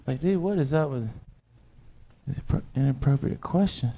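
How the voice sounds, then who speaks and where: Speaking briskly with a medium-pitched voice, a comedian works a club stage as the audience laughs. His set is crude and self-deprecating, confessional in tone, and he puts questions straight to the crowd.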